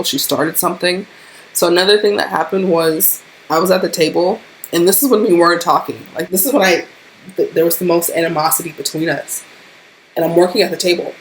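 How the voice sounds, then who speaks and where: A woman's voice: lowish voice, a little hiss or hum. A young woman vlogger animatedly telling a profane storytime tale to her camera. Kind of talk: storytime vlog.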